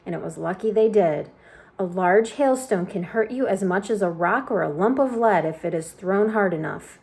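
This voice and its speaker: A woman reads a children's book aloud in an expressive storytelling way. Her voice is warm and mellow, at a middle pitch. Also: moderate pace, gravelly. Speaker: storybook reader.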